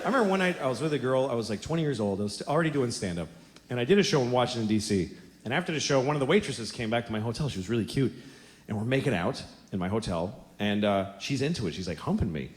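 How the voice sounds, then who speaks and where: A man in his forties doing a stand-up comedy set on a theater stage, telling blunt, exaggerated stories in an animated way. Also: mid-range voice, fast. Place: theater stage before a live audience. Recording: roomy hall with audience noise.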